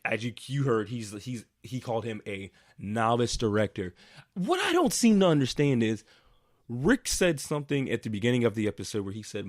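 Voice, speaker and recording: A man hosting a casual solo podcast, recapping a TV episode in a rambling, profane way with animated outbursts. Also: fairly low pitch, dry recording, studio quality.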